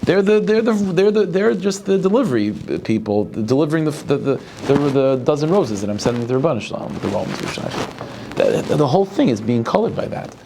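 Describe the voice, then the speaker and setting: Halting, earnest rabbi teaching Torah. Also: male voice, on the high side, lively intonation, vocal fry, background noise. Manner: halting, with many restarts and repeated words, thinking aloud. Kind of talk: Torah lecture.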